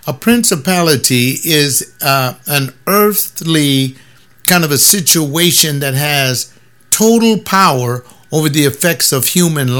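A man giving preachy, scornful commentary on a video, mixing quick asides with slow, heavily stressed words. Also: fairly high pitch, a bit bright.

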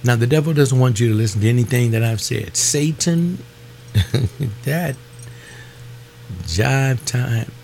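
A man preaching a fervent webcast sermon, pleading with his listeners and rising in pitch on his emotional appeals. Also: measured pace, gravelly, pauses often, darkish tone, a little hiss or hum.

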